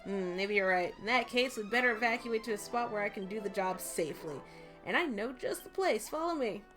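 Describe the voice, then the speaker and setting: A woman voicing a gruff, suspicious skeleton guard in a video game, barking stern orders in a deepened voice. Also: expressive, brisk, fairly bright tone, faint music behind, close to an everyday voice. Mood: scheming.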